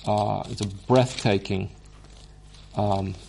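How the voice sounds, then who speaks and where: Guy teaching a bible class, real slow, gravelly, gets choked up. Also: fairly low pitch, steady tone, dark tone, slight background noise. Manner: earnest, slow and deliberate, moved to emotion.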